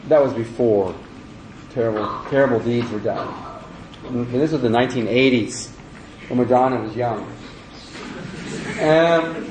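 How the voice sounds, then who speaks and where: A man's voice: fairly high pitch, noisy background. Man teaching in an echoey lecture room. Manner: digressive, conversational, joking asides. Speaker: religious teacher. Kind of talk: lecture with humor.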